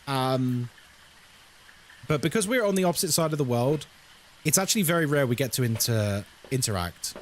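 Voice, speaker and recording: Sarcastic, lively male streamer. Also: mid-range voice, normal speed, long pauses, a little hiss or hum. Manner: sarcastic, joking, rambling. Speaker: live streamer. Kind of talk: casual live-stream chat.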